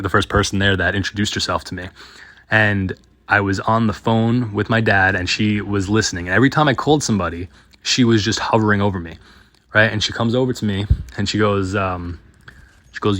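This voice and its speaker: A man's voice: lowish voice, steady tone, a little fast, a bit bright, no echo. A man in his thirties telling a rambling story with frequent laughs. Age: 30s. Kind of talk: casual storytelling.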